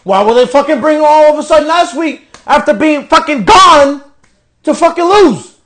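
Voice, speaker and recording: High-voiced, profane ranting man. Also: animated, normal speed, a bit bright. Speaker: podcast host. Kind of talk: ranting wrestling show review.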